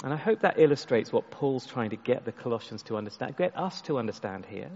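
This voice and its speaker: A man preaching a sermon, telling a story and often restarting his words, sometimes dropping his voice very soft for emphasis. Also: mid-range voice, lively intonation, a little fast, breathy edge, in a large hall, lo-fi sound. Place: church.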